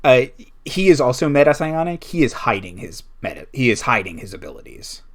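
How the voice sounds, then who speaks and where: A man running a tabletop game as game master, explaining in a measured way. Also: medium pitch, big pitch swings, a bit bright, a little hiss or hum.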